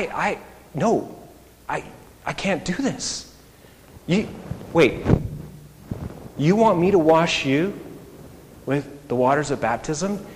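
Preacher acting out a flustered prophet, stammering, higher-voiced, in a reverberant hall. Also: male voice. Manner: stammering, exclaiming. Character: flustered humble male prophet protesting. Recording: echoey hall, faint noise.

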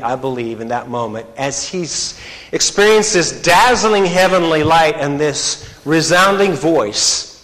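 Preacher with hall reverb. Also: male voice, a little high, unhurried. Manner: animated storytelling, acts out quoted voices. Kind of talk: sermon.

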